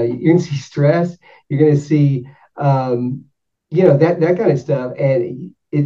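A man from North Georgia, casually telling a rambling story and correcting himself as he goes. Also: a little high. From North Georgia, USA. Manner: rambling, self-correcting, animated when quoting. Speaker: guest explaining spirit sessions. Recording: dull, distant from the mic.

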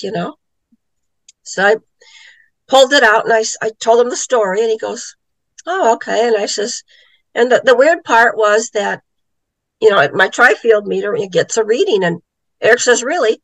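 A woman's voice: medium pitch, normal speed, long pauses, fairly bright tone, dry recording, poor audio. A middle-aged woman, an author and psychic medium, telling a story in a casual interview and acting out the voices she quotes.

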